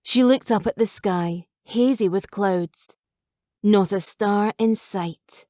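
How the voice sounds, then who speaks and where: A woman calmly narrating a novel as an audiobook reader. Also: medium pitch, slow, dry recording, clean studio sound. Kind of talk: scripted narration.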